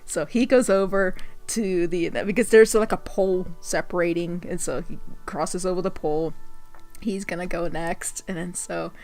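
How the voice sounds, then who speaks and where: A woman's voice: on the low side, fairly even intonation, moderate pace, a little mellow, soft background music. A woman vlogger telling a story in a casual way, laughing often and acting out the quotes.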